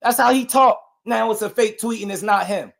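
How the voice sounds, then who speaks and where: A man's voice: sits high, moderate pace, gravelly. Insistent man on a live boxing stream. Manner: animated, insistent, repeats himself, calls out viewers. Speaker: boxing show host. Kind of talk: live-stream boxing talk, answering chat.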